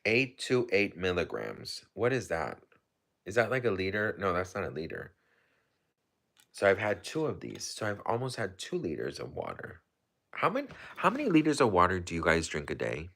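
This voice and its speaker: A low-voiced man chats loosely through a livestream, answering viewers' questions and piling up fillers and restarts as he goes. His voice sits deep but carries a bright, forceful edge. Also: wildly swooping pitch, normal speed, gravelly, slightly rough. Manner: chatty and rambling, heavy with fillers and restarts. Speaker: livestream host. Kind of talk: casual livestream chat, answering viewer comments.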